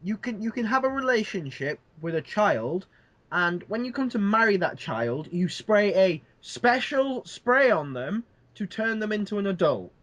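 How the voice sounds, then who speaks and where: A man's voice: high voice, big pitch swings, normal speed, a bit bright, no echo. A young man co-hosting a casual group chat, chiming in with brief, dry remarks.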